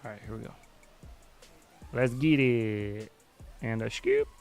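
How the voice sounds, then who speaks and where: A livestream host chats loosely and rambles as he flies a drone simulator, swearing often. His mid-range voice is steady, slow and a little mellow, with soft music in the background.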